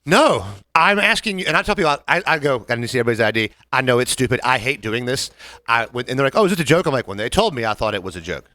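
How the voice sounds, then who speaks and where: A man co-hosting a casual podcast, telling bar stories in a quick, animated way and acting out his customers. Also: medium pitch, dry recording. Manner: animated, fast-talking, acts out customers in quick voices. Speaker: podcast co-host, bartender. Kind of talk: casual chat.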